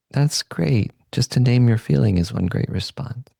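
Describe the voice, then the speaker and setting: A man hosting a podcast, giving a calm, unhurried, reflective Buddhist teaching talk that trails off softly at the ends of phrases. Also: medium pitch, vocal fry, slightly rough, no room sound. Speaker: podcast host and meditation teacher.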